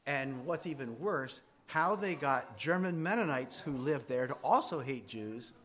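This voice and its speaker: A middle-aged man teaching a faith class in a casual, conversational way. His pitch swings widely, climbing high, then dropping low and quiet. He turns to his students with direct questions. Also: expressive, a little slow.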